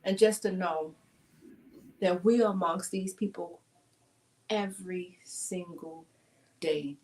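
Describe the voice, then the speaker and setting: A woman's voice: on the low side, slow pace, darkish tone. Earnest middle-aged woman hosting a panel. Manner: earnest, heartfelt, rambling. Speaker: talk show host. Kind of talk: emotional panel talk.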